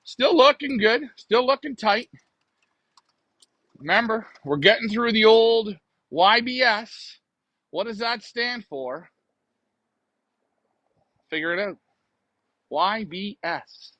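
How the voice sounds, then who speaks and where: A man's voice: high voice, expressive, takes it slowly, pauses often, pushed and bright, highs cut off. A man hosting a pigeon racing live stream, joking and rambling to viewers as he walks out to his backyard loft at night. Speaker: pigeon racing show host. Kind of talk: casual live-stream chat.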